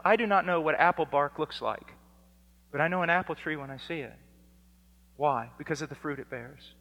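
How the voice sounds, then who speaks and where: Bright-voiced preacher guy, slightly high, slow and emphatic, loud then hushed, hall echo. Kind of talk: sermon. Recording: hall reverb.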